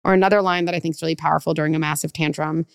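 A middle-aged woman psychologist giving parenting advice in a podcast interview, animated and full of "like", acting out parent and child lines. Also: sits low, very fast, creaky, smooth, no echo, studio quality. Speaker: clinical psychologist guest.

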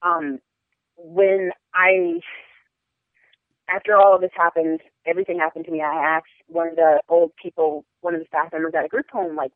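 A woman's voice: on the low side, steady tone, brisk, dry recording. A woman in her twenties, a podcast guest telling her own story earnestly and frankly, with plenty of "like" and "um". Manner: earnest, frank, many fillers like "like" and "um". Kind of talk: personal storytelling interview. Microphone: phone or call line. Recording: tinny phone line.

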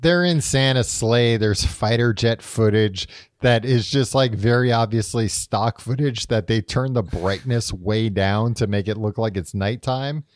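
A man co-hosting a podcast in casual chat, animated and quick to laugh, swearing now and then. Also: medium pitch, no room sound, clean studio sound. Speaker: podcast co-host.

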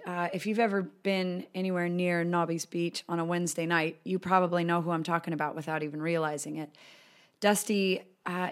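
A woman hosting a podcast, chatty and casual, swearing freely and laughing often. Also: lowish voice. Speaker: podcast host. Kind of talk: casual podcast intro and chat.

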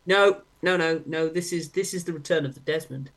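A man on a football podcast panel, giving measured, analytical takes. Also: fairly high pitch, a bit bright, slight background noise. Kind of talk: casual football podcast chat.

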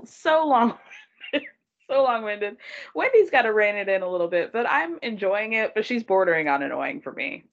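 A woman's voice: medium pitch, moderate pace, muffled recording. A woman co-hosting a casual chat, recapping a show and acting out quotes with lots of laughter. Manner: animated, quotes people in put-on voices, laughs often. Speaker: podcast co-host recapping a reality show.

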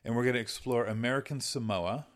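A man's voice: mid-range voice, quick pace. A man co-hosting a podcast in casual chat, making wry, jokey asides. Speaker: podcast co-host.

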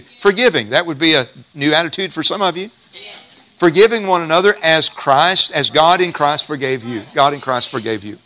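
A man's voice: fairly high pitch, bright, forceful tone. A middle-aged male pastor preaching a sermon in a folksy, emphatic way, repeating key phrases.

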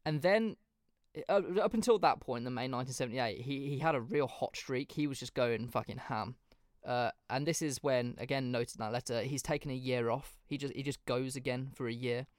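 A man's voice: medium pitch, fairly quick, hardly any pauses, clean tone, no room sound, clean studio sound. A man hosting a podcast, narrating a case casually with plenty of swearing. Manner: casual, swears freely, reads from notes. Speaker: podcast host.

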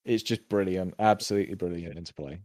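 A man's voice: low-pitched, fast talker, a little mellow, no echo. Male co-host, casual rambling recap, dry close sound. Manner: rambling, acts out characters' lines. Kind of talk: casual chat recapping a TV episode.

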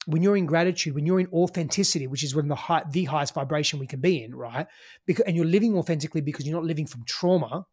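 A man's voice: a little high, a little mellow. A man with an Australian accent, a podcast guest talking loosely and emphatically in a casual interview, swearing freely.

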